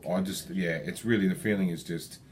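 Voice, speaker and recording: Podcast guest: young man, very low voice, halting delivery full of ums, faint noise behind. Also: steady tone, a little mellow. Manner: hesitant, many ums and restarts. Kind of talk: casual interview chat.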